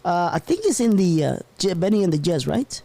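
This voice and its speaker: A man's voice: high voice, very animated, a little fast, vocal fry, mellow. A man hosting a casual news commentary show, rambling and often breaking into laughter. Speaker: host.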